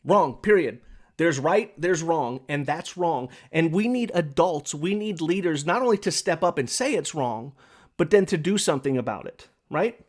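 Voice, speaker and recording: Podcast host, man, fervent and repetitive, voice sits a bit high. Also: lively intonation, normal speed. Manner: impassioned, repetitive, preachy; smokes a pipe while talking. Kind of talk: opinionated monologue.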